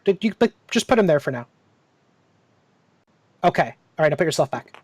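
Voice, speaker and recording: A man narrating as game master in a tabletop game, descriptive and unhurried, with many fillers. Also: fairly high pitch, big pitch swings, a little mellow, no echo.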